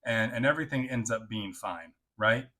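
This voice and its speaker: A man telling a casual, crude and joking storytime, animated and often checking in with the listener. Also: on the low side, normal speed.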